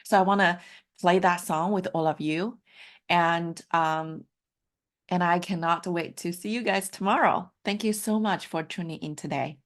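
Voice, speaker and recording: A woman's voice: lowish voice, steady tone, unhurried. A woman who speaks English as a second language after Mandarin, giving a heartfelt, encouraging live coaching talk over a video call, with frequent fillers. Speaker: life coach. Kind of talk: live online coaching session.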